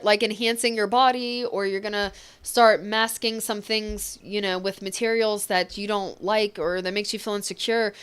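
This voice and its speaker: Smooth-voiced woman giving a tarot reading. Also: on the high side. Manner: gentle, emotional, reassuring, choked up at times. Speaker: tarot reader.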